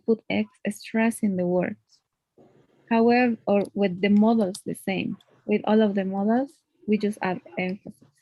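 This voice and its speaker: A woman teaches English grammar in a patient, step-by-step way, often checking in with a quick "no?". Her voice sits at an average pitch. It is recorded close and dry, with no room sound. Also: darkish tone, no room sound. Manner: patient, explains step by step with frequent tag questions. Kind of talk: one-on-one grammar lesson.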